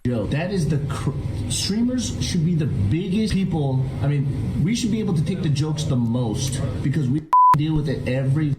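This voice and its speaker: A man streaming from a fast food restaurant, scolding and dismissive as he rants to camera. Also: fairly high pitch, very animated. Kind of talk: ranting to camera. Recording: echoey restaurant with background noise.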